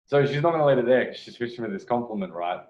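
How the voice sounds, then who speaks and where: A man giving a dating coach's commentary on a video clip, pausing it to explain and often laughing. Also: mid-range voice, expressive, background noise. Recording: roomy, dull sound.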